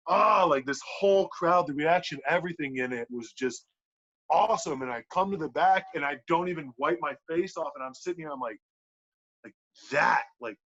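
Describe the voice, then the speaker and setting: A man on a podcast telling a wrestling story in casual, animated talk, swearing a lot and filling with "like". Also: a little high. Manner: animated, profane, lots of "like" fillers. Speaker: podcast guest, pro wrestler. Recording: dull lo-fi podcast audio.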